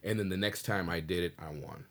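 A man in his sixties, a stand-up comedian, tells a story in a casual interview with a deep, husky voice. He talks fast and with animation, drops slang, and acts out the dialogue of the people in the story. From US Pacific Northwest.

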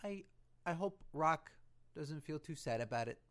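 A man's voice: a little high, animated, measured pace. A man co-hosting a podcast, chatting casually with dry, sarcastic teasing. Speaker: podcast co-host. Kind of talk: casual comedic chat.

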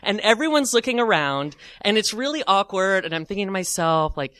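A man telling a comic personal anecdote, animated and self-mocking, with lots of "like" fillers. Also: high-pitched, a little fast, no echo. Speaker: storyteller.

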